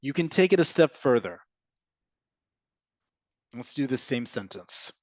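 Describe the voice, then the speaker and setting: A man's voice: mid-range voice, unhurried, no echo, low-quality recording. Man teaching Hebrew in an online class. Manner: explanatory, animated, answers questions as they come in.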